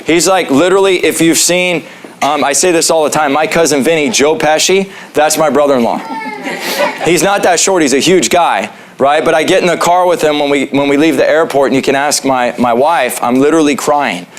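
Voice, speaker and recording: Chiropractor guy teaching a class in his office, high-ish voice, jokey, keeps quizzing the crowd. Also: brisk. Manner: joking, asks the audience questions. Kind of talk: casual classroom lecture.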